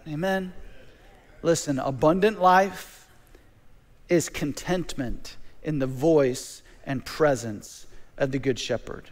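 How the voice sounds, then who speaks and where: A man preaching a sermon as a pastor, animated, with repeated phrases and quick stammered restarts. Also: on the high side. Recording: long reverb of a large hall.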